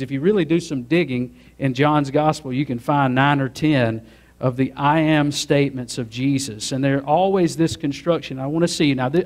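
A man preaching a sermon as pastor, asking the congregation to join in and building to emphatic peaks. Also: medium pitch. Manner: preaching with rising emphatic build-ups and audience prompts.

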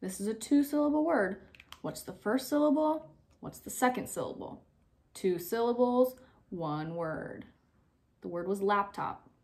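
A young woman teacher giving a recorded spelling lesson to young pupils, spelling words out slowly letter by letter and encouraging them. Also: mid-range voice, expressive, a little mellow.

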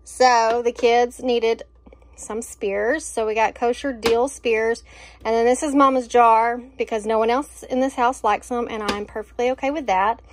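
A woman's voice: fairly high pitch, steady tone, measured pace, slight background noise. A woman, chatting casually and enthusiastically about her groceries, with lots of fillers. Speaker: vlogger showing a grocery haul. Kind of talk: casual chat.

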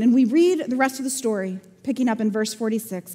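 A woman's voice: on the high side, expressive, a little fast, few pauses, warm tone. A woman pastor preaching a sermon with humorous storytelling and playful sarcasm, recorded in a church hall. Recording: long church-hall reverb.

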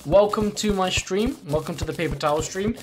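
A man's voice: high-pitched, a little fast, slight background noise. A man live-streaming a game in casual chat, thinking aloud and greeting and thanking viewers as he plays.

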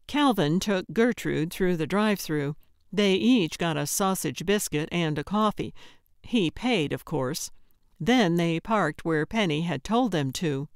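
Measured woman narrating an audiobook. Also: fairly low pitch, no room sound, studio quality. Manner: steady, measured reading. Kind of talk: scripted narration.

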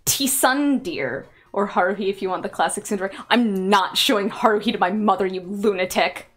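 A woman's voice: mid-range voice, moderate pace, few pauses, fairly bright tone, faint music behind. Sarcastic young woman streamer. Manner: sarcastic, rambling, laughs between jokes. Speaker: VTuber streamer. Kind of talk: casual stream chat.

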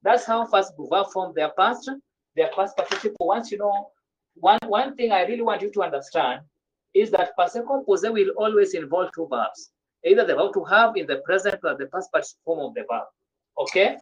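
A woman's voice: mid-range voice, animated, a little fast. A woman teaching a French grammar lesson in an online class, often repeating and restarting her words. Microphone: video call. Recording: dull lo-fi video call audio.

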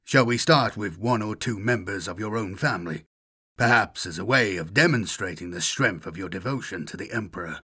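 A man voicing a cold, menacing male warrior commander who speaks with icy calm, lower and softer than his own voice. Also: normal speed, husky. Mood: soothing.

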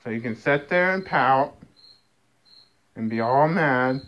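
A man's voice: medium pitch, animated, slow pace, highs cut off. A man, talking to his cats and scolding them, stammering and restarting as he goes. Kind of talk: casual talk to pets.

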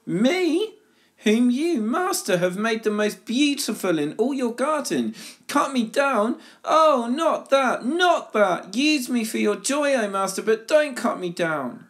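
Brief: anguished talking bamboo, male, high and strained, put on by a man reading a parable. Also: big pitch swings, takes it slowly, a bit bright, exaggerated voice. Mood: pleading. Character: proud young male bamboo, devoted and pleading.

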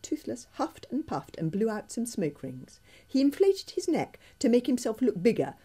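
A woman, the author, reading aloud from her children's book with expressive, dramatic storytelling. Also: lowish voice, breathy edge.

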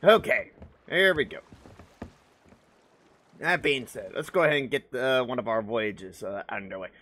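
A man's voice: medium pitch, measured pace, pushed and bright. A man casually commenting on his own gameplay while streaming, thinking aloud and poking fun at himself. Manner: chatty, thinks aloud, self-mocking. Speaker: game streamer.

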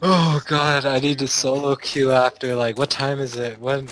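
A man's voice: medium pitch, little pitch movement, moderate pace, a bit bright, rough recording. A man talking with friends over game voice chat, chatty and casual, often tagging "dude". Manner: chatty, ends lines with "dude". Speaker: gamer. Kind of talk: casual voice chat while gaming.

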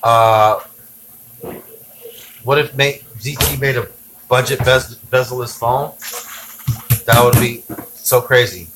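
Hosting a casual tech livestream, a man rambles excitedly, reading viewer comments aloud and giving shout-outs. His mid-range voice moves slowly with long pauses, and there's background noise.

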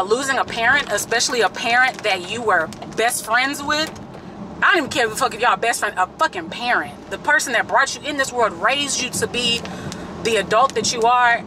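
A woman's voice: a little high, noisy background. Vlogger, woman; raw, emotional, foul-mouthed monologue recorded in her car. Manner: candid and blunt, swears freely. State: tearful, emotional. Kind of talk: emotional vlog talk. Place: in a parked car.

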